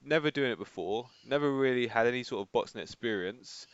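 A man's voice: medium pitch, fairly quick, clear, resonant tone, dry recording. A young man co-hosting a podcast, easygoing and encouraging in casual chat. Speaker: podcast co-host. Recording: dry, slightly dull podcast mic.

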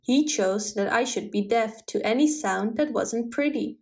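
A gentle, quiet boy from the woods in a storybook, who speaks softly and plainly, with an earnest calm, voiced by a woman reading aloud. Her voice sits a little high for a woman's. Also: a little slow.

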